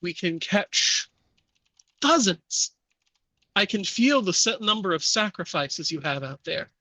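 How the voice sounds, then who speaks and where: A man's voice: high-pitched, very animated, takes it slowly, sharp tone, no echo, heavily acted. A man voicing a scheming male ghost-eating chef with a heavy French accent, muffled and bargaining. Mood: coaxing. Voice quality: muffled, pleading then bargaining. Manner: wheedling, persuasive.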